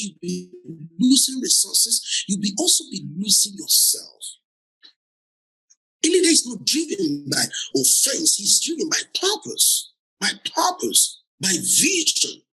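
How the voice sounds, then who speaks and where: A man's voice: high voice, sharp tone, slightly rough, poor audio. A man preaching a sermon who laughs often and repeats phrases for emphasis, with a Nigerian accent. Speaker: pastor.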